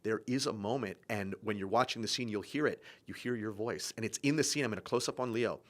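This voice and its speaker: A man's voice: on the low side, quick pace, fairly bright tone. A man talking casually on a podcast, reflective and acting out the lines he quotes. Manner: reflective, builds long arguments, acts out quoted lines. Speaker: filmmaker.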